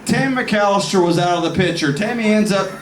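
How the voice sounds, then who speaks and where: At a party venue, a man gives a rambling, emotional birthday toast to a friend, laughing often. His voice is high-pitched and fairly quick. The echoey room mic picks him up from far off, with noise.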